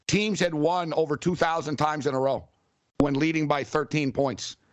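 A man co-hosting a casual sports talk show, telling stories in an animated, excitable way. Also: a little high, moderate pace, no room sound.

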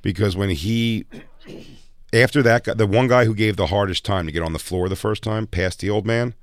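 A man's voice: on the low side, normal speed, dry recording, clean studio sound. A man on a podcast, chatting in a laid-back way and telling his side of a story. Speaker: podcast host. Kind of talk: casual chat.

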